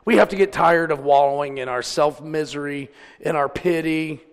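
A middle-aged pastor with a high, gravelly voice delivers an animated sermon. He climbs to loud, stretched-out peaks and then drops to quiet asides. His voice rings with the long reverb of a church hall. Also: moderate pace.

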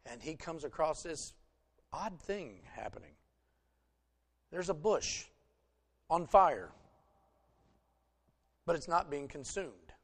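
A man's voice: fairly high pitch, animated, slow, pauses often, husky. A pastor preaching a sermon to his congregation, folksy and joking, from the American South.

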